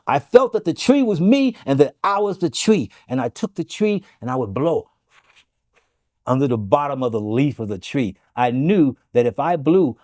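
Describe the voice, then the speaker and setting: A man being interviewed who tells animated stories and acts out the quoted dialogue. He keeps stopping to ask "okay?" to drive his points home. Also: medium pitch, moderate pace, dry recording, clean studio sound. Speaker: interview guest. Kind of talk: storytelling interview.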